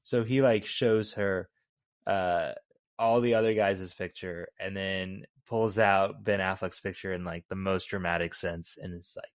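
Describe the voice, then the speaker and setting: A man's voice: sits low, steady tone, unhurried, no echo, clean studio sound. A man co-hosting a podcast, chatting casually about a film in a loose, rambling way and correcting himself as he goes. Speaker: podcast co-host. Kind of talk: casual movie review chat.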